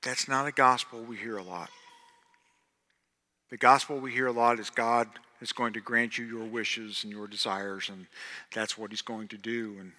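A man preaching a sermon as pastor, swinging between hushed passages and loud, emphatic outbursts. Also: fairly low pitch, steady tone, moderate pace. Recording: long hall reverb.

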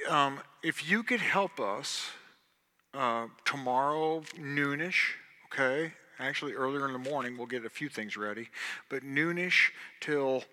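A man with a Southern accent, a pastor making church announcements in a loud, animated, joking preacher style. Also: medium pitch. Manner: loud, animated, jokey, swings between shouting and hushed. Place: church sanctuary. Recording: long hall reverb.

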